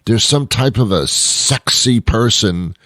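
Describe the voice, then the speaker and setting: A man with a fairly low, fairly bright voice and lively intonation talks slowly, recorded at studio quality without echo. As host of his own show, he gives a rambling comedic monologue, breaking in on himself with wry asides.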